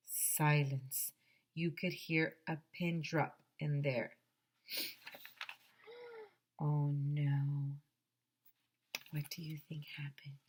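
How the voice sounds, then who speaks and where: A woman teacher reading a children's chapter book aloud to her class, expressive and gently dramatic. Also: low voice, drawn-out words, pauses often, breathy edge.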